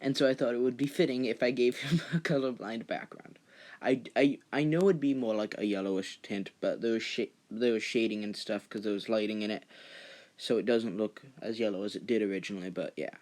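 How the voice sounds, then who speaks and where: A man's voice: fairly low pitch, a little fast, a little mellow. A young man recording casual voice-over asides to his own video, sheepish and hesitant, poking fun at his own mistakes. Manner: sheepish, self-deprecating, hesitant with fillers. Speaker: channel host adding edit commentary.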